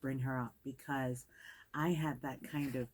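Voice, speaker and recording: An older woman with a very low voice and a Caribbean British accent talks in a measured, reflective way as an interview guest. Now and then she acts out the people she quotes. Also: fairly even intonation, a little mellow, slightly rough. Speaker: guest actress.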